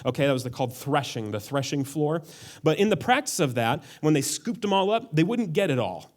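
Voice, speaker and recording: A man delivers a sermon as a pastor. His voice sits a little higher than most men's. He keeps it relaxed and conversational, often breaking off into side remarks. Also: fairly quick. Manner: casual and conversational, with frequent asides.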